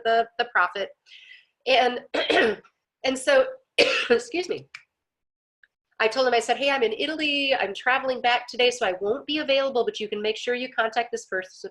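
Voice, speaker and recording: Middle-aged woman teacher, animated storyteller acting out quoted voices, slightly high voice. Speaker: teacher of a wisdom class. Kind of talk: personal story told as a lesson.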